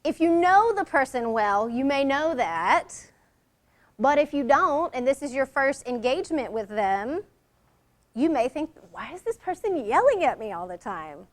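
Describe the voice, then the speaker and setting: High-voiced woman leading a workshop. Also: very animated, measured pace. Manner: conversational, acts out example lines in different tones. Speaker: workshop leader. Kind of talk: workshop presentation.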